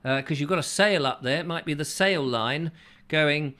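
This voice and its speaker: A man's voice: a little high, normal speed, pushed and bright. A man hosting a rambling comic chat show, reading out viewer comments with jokey rhetorical questions and mock-confused asides.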